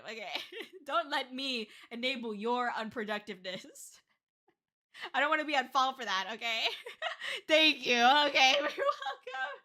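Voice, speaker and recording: Young woman streaming, chatty and giggly, bright voice, sits a bit high. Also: animated, a little fast. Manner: chatty, laughs often, swears casually. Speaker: VTuber streamer. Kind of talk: casual livestream chat.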